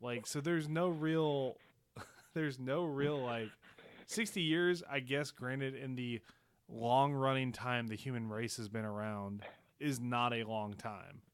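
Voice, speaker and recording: A man's voice: mid-range voice, slow pace, smooth, no room sound. A man hosting a casual podcast chat, talking bluntly and crudely with wry asides. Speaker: podcast host.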